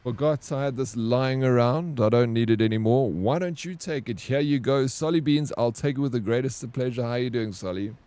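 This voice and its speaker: A man's voice: mid-range voice, a little fast, few pauses, warm tone, clean tone. A man streaming a game who reads out viewer messages and answers them in playful, teasing banter. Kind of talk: livestream chat with viewers.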